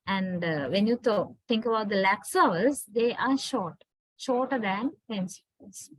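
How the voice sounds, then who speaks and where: A woman's voice: medium pitch, unhurried, breathy edge, dry recording, low-quality recording. A middle-aged woman with a Sri Lankan English accent giving a university phonetics lecture, explaining step by step and often asking "right?".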